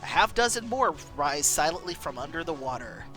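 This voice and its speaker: Animated woman reading a story game. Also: deep voice, fairly quick, soft background music. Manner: animated, chatty. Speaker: streamer.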